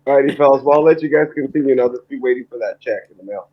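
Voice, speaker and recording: A quick-talking man joins remotely, sounding laid-back and apologetic. His voice comes through dull and muffled, as if over a distant call line. He has only just woken up. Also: medium pitch, a crowd in the background. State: just woke up. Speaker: guest dropping in.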